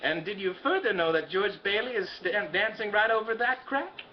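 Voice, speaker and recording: A man's voice: sits high, moderate pace, lo-fi sound, noisy background, pitched above the performer's own voice, lightly acted. A man voicing a sly, smug young troublemaker with a sneering, theatrical delivery.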